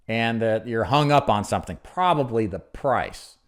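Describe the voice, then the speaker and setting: A man breaks down a sales call in an energetic, joking coaching tone. His voice sits in a middle pitch, and he swings it up and down to show inflection. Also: brisk. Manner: energetic, laughs at own jokes, demonstrates inflection. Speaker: sales trainer.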